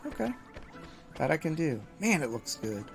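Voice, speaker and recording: A man's voice: on the high side, very animated, moderate pace, vocal fry. A man giving casual gameplay commentary as a streamer, chatting with viewers enthusiastically over faint game music.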